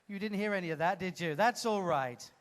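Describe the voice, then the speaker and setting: A man hosting a live comedy show, teasing an audience member in a playful, loud way. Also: sits high, normal speed, a little hiss or hum. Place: cruise ship theater stage.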